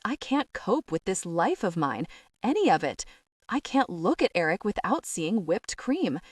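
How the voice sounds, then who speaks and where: A woman reading a first-person novel aloud as an audiobook narrator, expressive and rising into breathless worry. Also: mid-range voice, unhurried, husky, no echo, clean studio sound, recorded from a distance.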